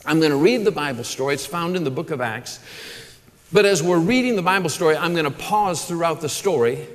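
A man preaching to his congregation in an earnest, building way, stacking phrases one after another. His voice sits a little high for a man. The sound rings with long reverb from a large church hall. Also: lively intonation, brisk. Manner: earnest, repeats words and restarts, builds lists. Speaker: pastor. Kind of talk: sermon.

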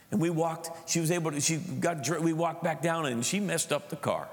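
A man's voice: on the high side, a little fast, hardly any pauses, a little hiss or hum. A middle-aged male pastor preaching a sermon, telling a family story with frequent repeated words and restarts. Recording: long hall reverb.

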